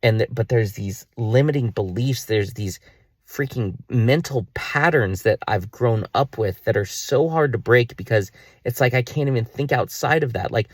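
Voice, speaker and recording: Speaking straight to camera for his video diary, a vlogger in his thirties has a mid-range voice that's a little mellow and slightly rough. He rambles in exasperated self-reproach, cursing now and then, and the audio is studio quality with no room sound.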